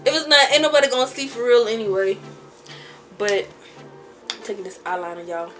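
A woman's voice: a little high, animated, a little fast, fairly bright tone, a little hiss or hum. A young woman vlogging at home, telling rambling stories while doing her makeup. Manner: chatty, rambling storytelling with frequent laughs. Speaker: beauty vlogger.

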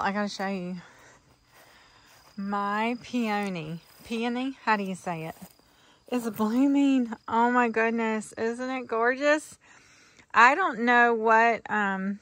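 A woman's voice: medium pitch, a bit bright. A middle-aged woman, chatting casually to her viewers in a rambling vlog from outdoors on a farm. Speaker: farm vlogger. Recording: faint outdoor noise.

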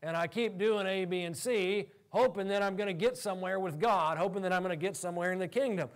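A male pastor preaching a sermon in an animated way, laughing often as he talks. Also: high voice, fast talker.

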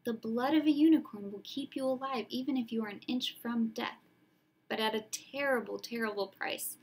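A grave young male centaur speaking with measured earnestness, as a woman reader gives him voice. The tone sits a little high, steady and solemn, from a storybook. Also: breathy edge.

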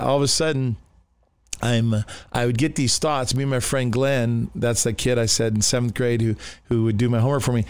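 A middle-aged man from the United States tells his story as a pastor on a podcast, circling back with fillers and restarts and slipping into the voices of people he quotes. His voice is smooth and clean, at an ordinary middle pitch. The sound is close and dry, with no room echo. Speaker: pastor telling his testimony. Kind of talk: casual testimony in a podcast conversation.

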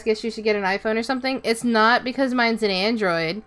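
A woman's voice: a little high, fairly quick, hardly any pauses, a bit bright. A woman VTuber streaming a game, chatting casually with her chat, answering questions and swearing offhand. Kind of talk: casual livestream chat while gaming.

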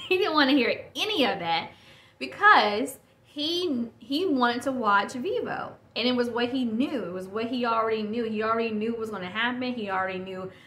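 A woman's voice: fairly high pitch, fairly bright tone. A woman in her thirties hosting a casual solo podcast, rambling and correcting herself as she talks. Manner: rambling, self-correcting, chatty. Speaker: podcast host. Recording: echoey room with faint noise.

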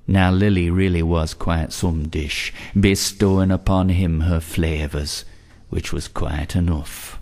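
A male storyteller with a very deep voice narrates a whimsical tale. He takes an unhurried pace and savours the playful wordplay. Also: steady tone, a little mellow. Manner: playful wordplay, measured delivery.

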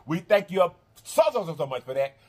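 A man's voice: a little high, expressive, fairly quick, mellow. A man with a Southern American accent chatting casually to his viewers, half talking and half singing in a drawling, repetitive way. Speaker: mukbang channel host. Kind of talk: casual vlog chat to viewers.

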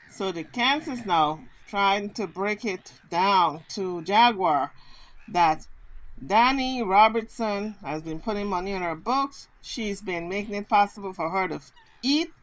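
Bright-voiced, sassy woman telling a story. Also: mid-range voice, a little slow. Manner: animated, sassy storytelling with acted-out quotes. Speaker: commentator. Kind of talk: casual commentary vlog.

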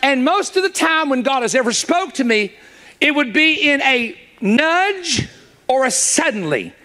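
A man preaching a sermon to a church congregation, telling stories with jokes and quick asides to his listeners. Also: very high-pitched. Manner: animated, joking storyteller with quick asides; speaks directly to the audience.

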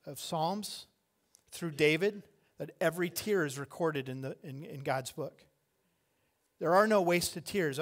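A middle-aged pastor with a voice on the high side preaches a sermon, telling the story with animated delivery and acting out the voices of the people in it.

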